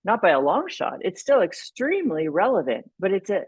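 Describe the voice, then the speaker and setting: A woman's voice: medium pitch, sing-song, brisk, a little mellow, husky, dry recording, poor audio. A woman guest on a podcast interview, explaining her ideas thoughtfully and often restarting her sentences. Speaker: podcast guest, leadership consultant. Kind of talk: conversational interview.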